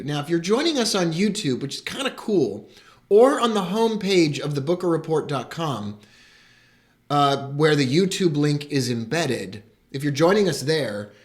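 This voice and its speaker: An excitable man, hosting a live broadcast and greeting his viewers with enthusiasm. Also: on the high side. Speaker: host.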